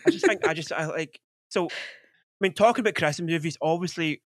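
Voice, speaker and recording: A man's voice: fairly high pitch, a little fast, dry recording, clean studio sound. A man in his forties hosting a podcast, chatting casually about films with lots of rambling filler words. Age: 40s. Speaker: podcast host. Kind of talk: casual film chat.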